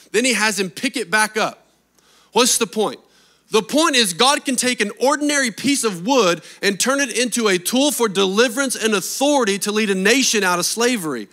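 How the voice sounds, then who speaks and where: A man preaching a sermon in an animated way, firing off rhetorical questions to the congregation. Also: high voice. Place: church service.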